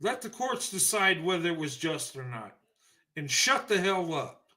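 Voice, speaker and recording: A man's voice: a little high, big pitch swings, moderate pace, sharp tone. A man ranting on a livestream, emphatic and profane, speaking in heated bursts. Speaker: livestream commentator. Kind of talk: ranting opinion monologue.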